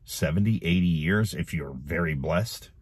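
A deep-voiced man with a husky edge pleads urgently with the camera, circling back on his words. His voice sounds close and dry, with no room around it. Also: moderate pace, dry recording. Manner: urgent, pleading, repeats himself. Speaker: online preacher. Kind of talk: gospel appeal to camera.

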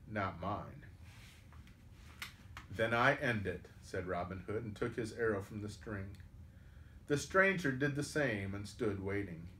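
A man reading a chapter of an adventure story aloud, lifting his voice for the characters' lines. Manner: lively, raises pitch and volume for characters' lines. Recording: echoey room.

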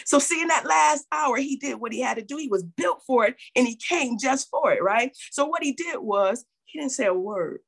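A woman's voice: high-pitched, animated, normal speed, creaky, hardly any pauses, slightly rough. A woman pastor preaching a sermon, acting out Bible figures in quoted voices and calling out to her congregation. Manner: preaching with call-and-response.

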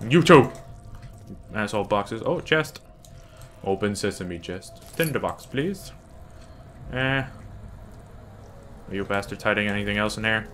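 A man's voice: mid-range voice, unhurried, fairly bright tone, slight background noise. A man giving profane, jumpy let's play commentary on a horror game, scolding the objects in it. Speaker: gamer.

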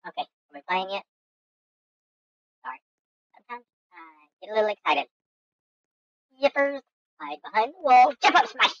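Woman host for game commentary, high and sing-song, unhurried goofy self-talk, dull lo-fi dry sound. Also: no echo. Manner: goofy, excitable, talks to herself, makes silly sound effects. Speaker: gaming channel host. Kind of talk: let's-play game commentary.

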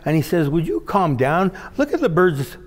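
A man preaching a sermon as a pastor, in an animated, dramatic style with sudden swoops up in pitch. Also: normal speed, big-room sound.

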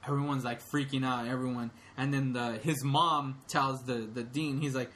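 A man hosting a podcast, retelling a story in an excited, rambling way with many fillers. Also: mid-range voice, moderate pace, slight background noise. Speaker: podcast host. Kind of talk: casual chat.

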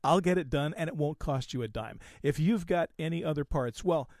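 A man's voice: fairly high pitch, fairly quick, dry recording, clean studio sound. Folksy man telling a car story. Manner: folksy, animated retelling with quoted dialogue. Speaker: podcast host. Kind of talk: storytelling on an automotive podcast.

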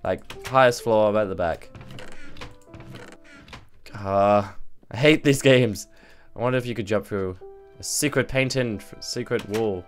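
A man's voice: fairly low pitch, a little slow, pauses often. A man giving casual, swearing commentary while playing a game. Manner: chatty, swears, thinks aloud. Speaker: gaming video host. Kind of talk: let's play commentary. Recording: faint background music.

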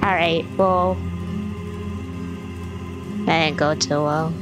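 A woman's voice: deep voice, fairly even intonation, takes it slowly, low-quality recording. A woman playing a video game and chatting casually, swearing, laughing and reading dialogue choices aloud. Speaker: gameplay streamer. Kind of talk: casual let's play commentary. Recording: game music behind voice.

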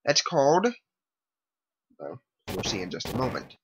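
A man's voice: mid-range voice, wildly swooping pitch, unhurried, a little hiss or hum. A man hosting a let's play, giving casual, rambling commentary and correcting himself as he explains the game. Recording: lo-fi with game music behind.

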